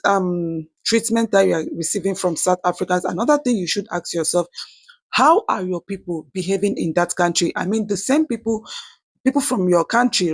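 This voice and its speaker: Husky host giving dry commentary. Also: mid-range voice, no echo. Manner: measured, repeats tag questions. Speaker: channel host. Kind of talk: reaction commentary.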